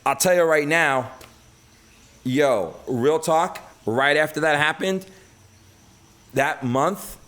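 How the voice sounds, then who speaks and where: Animated, profane New storyteller man. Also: on the high side, slow, pauses often. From Brooklyn, New York. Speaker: guest. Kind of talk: casual storytelling.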